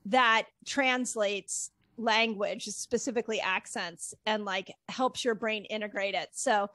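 A woman doctor, a guest on a podcast, chatting in an animated way with laughs. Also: mid-range voice, unhurried, no room sound. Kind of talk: casual interview chat.

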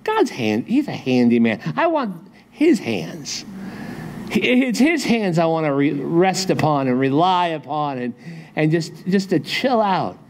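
Animated casual man preaching a sermon. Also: measured pace, slight background noise. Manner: lively, acts out quotes with shifting pitch, chatty asides. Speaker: pastor. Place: church sanctuary.

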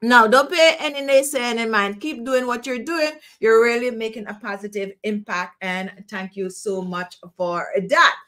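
High-voiced Jamaican woman, earnest host. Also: normal speed, hardly any pauses, fairly bright tone. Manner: earnest and encouraging, repeats phrases for emphasis. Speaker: host of a skincare live show. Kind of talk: casual live-stream chat.

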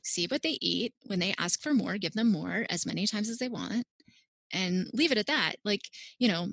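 A woman's voice: mid-range voice, lively intonation, normal speed, creaky, fairly bright tone, husky, no echo. A woman dietitian, a podcast guest, giving upbeat parenting advice in casual chat with frequent "like".

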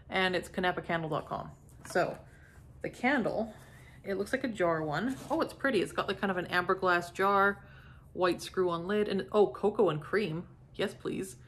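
A middle-aged woman from Canada chatting casually as she unboxes and sniffs candles, gushing softly and lingering over each scent. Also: medium pitch. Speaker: candle review vlogger. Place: home.

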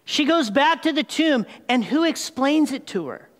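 A man preaching a sermon as pastor, retelling the story with lively asides and calling the congregation "people.". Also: very high-pitched, moderate pace, big-room sound. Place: church sanctuary.

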